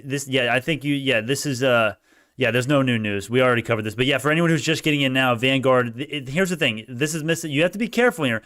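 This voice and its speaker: Fast-talking excitable male stock streamer. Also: medium pitch. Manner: excitable, swings between mumbling asides and loud cheering; argues back at chat comments, laughs often. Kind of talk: live stock commentary, chatting with viewers.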